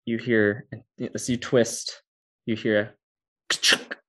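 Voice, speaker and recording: A man narrating as game master of a tabletop game in a relaxed, low-key way. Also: takes it slowly, breathy edge.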